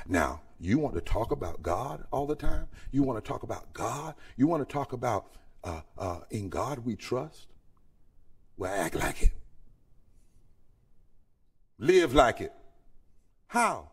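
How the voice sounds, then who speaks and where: At a conference, a man gives a sermon-style address, calling out to the audience and building to peaks that are nearly sung. His medium-pitched voice is husky and sing-song, with a measured pace and long pauses. The large hall is heard through a mic placed far from him.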